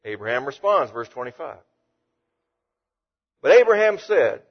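A man's voice: fairly high pitch, very animated, moderate pace, long pauses, highs cut off. A man teaching through Bible verses in a conversational way, reading each passage and then explaining it. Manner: conversational, reads verses and paraphrases them. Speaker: preacher.

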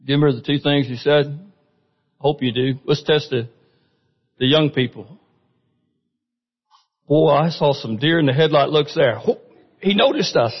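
A man's voice: a little high, normal speed, long pauses, breathy edge. A man preaching a sermon in a conversational way, often asking the congregation questions. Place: church sanctuary. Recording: muffled recording with long hall reverb.

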